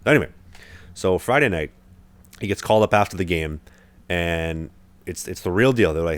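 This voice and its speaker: A man's voice: sits low, expressive, normal speed, pauses often, no room sound. A young man hosting a podcast, telling a long story in casual chat with lots of fillers and restarts. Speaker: podcast host, hockey goalie.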